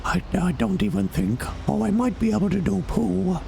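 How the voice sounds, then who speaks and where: A man putting on the voice of a small child who can't say the letter L, sounding congested from a cold and talking haltingly. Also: high voice, creaky, dark tone, soft background music, voice pushed up.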